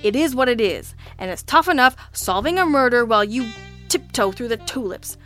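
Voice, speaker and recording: A woman voicing a gruff, blustering male homicide lieutenant who bellows and grumbles testily in an audiobook. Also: medium pitch, animated, fairly quick, a bit bright, faint music behind, lightly acted. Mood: testy. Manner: bellowing, testy, exasperated. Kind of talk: audiobook character voice.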